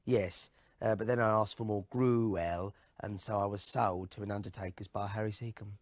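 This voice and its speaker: A man's voice: moderate pace, dry recording, lightly acted. An actor playing a dim, boastful male pop singer who puts on a fake cockney manner in a comedy sketch interview. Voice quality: lively, sing-song pitch swings.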